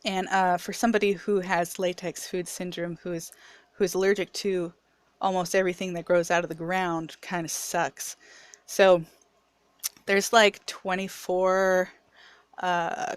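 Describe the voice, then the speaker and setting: A woman's voice: on the low side, little pitch movement, normal speed, dry recording. A woman reviewer with a mixed, picked-up accent, talking candidly in a casual, chatty personal vlog. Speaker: video reviewer.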